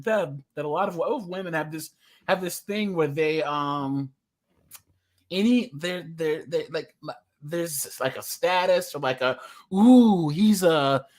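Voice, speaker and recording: A man's voice: a little high, a little slow. A young man with a Californian accent chatting casually as a podcast co-host, rambling with many restarts and repeated words. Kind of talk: casual chat.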